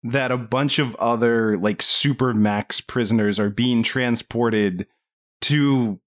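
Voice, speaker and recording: A man co-hosting a podcast, talking through a movie in casual chat, animated and incredulous, laughing often. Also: medium pitch, slow. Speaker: podcast co-host.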